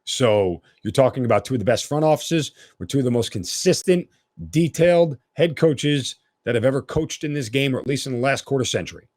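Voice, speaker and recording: Animated man hosting a sports podcast. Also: mid-range voice, brisk, dry recording. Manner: animated, opinionated, blunt. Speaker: podcast host. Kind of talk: solo sports podcast commentary.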